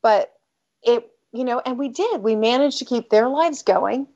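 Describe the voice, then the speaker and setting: Candid, animated middle-aged woman guest. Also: fairly high pitch, a little slow. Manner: candid, animated, emphatic, with self-interruptions. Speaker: author and guest. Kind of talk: conversational interview storytelling. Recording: dull lo-fi audio.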